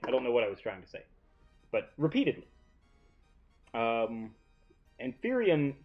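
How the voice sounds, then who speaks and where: A man's voice: mid-range voice, lo-fi sound. Young guy doing chill game commentary at home, rambly and self-deprecating, bouncy intonation, mic kinda off to the side. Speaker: let's play host. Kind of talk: casual gaming commentary. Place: home living room. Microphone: desk mic off to one side, often facing away.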